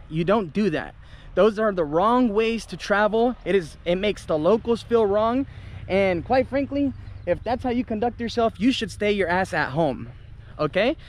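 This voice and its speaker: Indignant high-voiced man venting. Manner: heated, indignant, swears freely. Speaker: travel vlogger. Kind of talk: casual vlog rant to camera.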